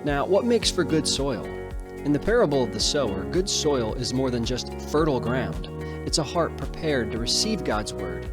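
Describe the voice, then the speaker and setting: Male podcast host over loud guitar music. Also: mid-range voice, very animated, moderate pace. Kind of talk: scripted podcast intro.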